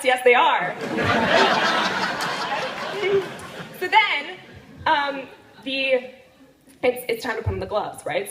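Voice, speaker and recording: A woman telling a bawdy comic story on stage at a live storytelling night, animated and laughing through her lines. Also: a little high, slight background noise. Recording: roomy venue with audience laughter.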